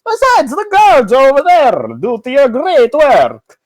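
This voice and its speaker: A woman's voice: high-pitched, huge pitch swings, measured pace, a little mellow, voice pushed up, full character voice. A woman voicing a jovial party adventurer in a put-on mock Italian accent, theatrical and sing-song. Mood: reassuring.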